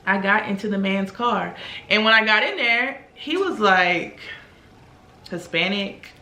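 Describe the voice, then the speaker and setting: A young woman spins a long story in a casual, animated way and slips into other people's lines as she tells it. Her voice is bright with a gravelly rasp. The room around her echoes noticeably. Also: medium pitch, unhurried. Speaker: beauty vlogger. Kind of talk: casual storytelling while doing makeup.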